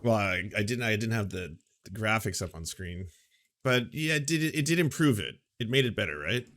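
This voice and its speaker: A man's voice: lowish voice, expressive, normal speed, fairly bright tone, slight background noise. A man co-hosting a casual commentary show, rambling and goofy, often restarting sentences. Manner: goofy, rambling, self-interrupting. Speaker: co-host.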